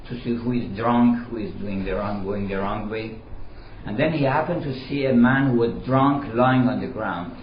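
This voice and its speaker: Older Persian-accented lecturer telling stories. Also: male voice, mid-range voice. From Iran. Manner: unhurried, animated storyteller who acts out the quoted voices. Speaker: lecturer on Sufi poetry. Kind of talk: storytelling lecture. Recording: roomy, dull lecture recording with faint noise.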